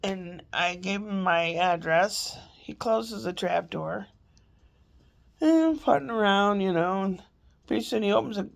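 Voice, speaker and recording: Gravelly woman rambling at home. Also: mid-range voice. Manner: chatty, meandering, self-interrupting. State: congested, coughing. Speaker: vlogger. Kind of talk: rambling casual chat.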